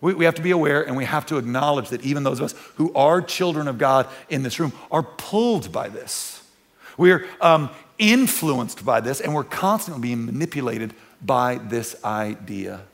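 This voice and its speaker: A man preaching a sermon in a church, talking conversationally with repeats and restarts, dropping to hushed tones and rising to loud emphatic peaks. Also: medium pitch, animated, moderate pace. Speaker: pastor. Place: church sanctuary.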